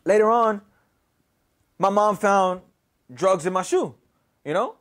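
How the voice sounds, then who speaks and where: A man's voice: high voice, takes it slowly, a bit bright. A man from Houston, telling a personal story in a casual, profane, rambling way, full of "you know" and "right?". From Houston, Texas.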